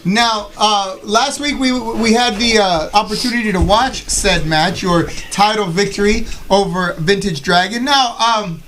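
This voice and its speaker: A male interviewer on a small wrestling show, rambling and teasing his guest with plenty of fillers. His voice is high for a man, with a faint hiss of noise behind it. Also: a little slow, hardly any pauses, a bit bright, low-quality recording. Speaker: interviewer host.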